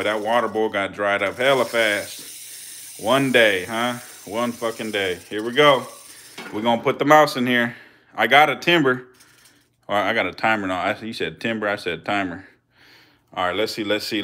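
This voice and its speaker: A young man with a Californian accent talks his viewers through a casual vlog, slangy and profane, getting excitable and laughing as he goes. His voice is bright and forceful, sitting at an ordinary pitch. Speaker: channel host feeding snakes.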